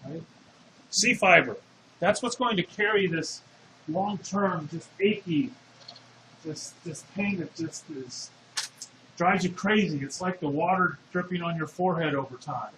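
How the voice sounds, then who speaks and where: A man's voice: fairly high pitch, unhurried, fairly bright tone, a little hiss or hum. A man giving a classroom lecture, explaining step by step and putting questions to the class. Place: lecture hall. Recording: echoey lecture hall.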